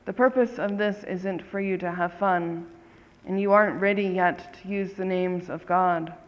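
A storyteller voicing a wise, patient rabbi who speaks calmly and asks gentle questions, recorded with long reverb. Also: medium pitch, moderate pace, natural voice.

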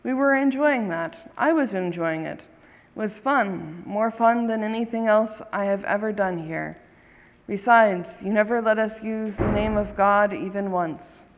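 A bold little girl, curious and frank, firing questions, as a storyteller puts her on. Spoken at an easy, slow pace with a long echoing hall around it. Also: medium pitch, natural voice.

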